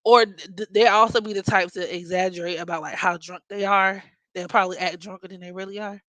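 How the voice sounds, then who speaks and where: A woman's voice: medium pitch, steady tone, brisk, fairly bright tone, no echo, poor audio. A woman from Maryland with a Baltimore accent, hosting a casual astrology chat in a blunt, profane, joking way. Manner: blunt, profane, joking, playful mock voices. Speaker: astrology podcast host.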